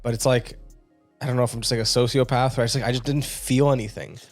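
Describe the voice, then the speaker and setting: Young male co-host, wry and halting in talk, faint music underneath. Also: mid-range voice, steady tone. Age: 20s. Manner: joking banter, hesitant when telling his own story. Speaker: podcast co-host. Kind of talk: casual chat.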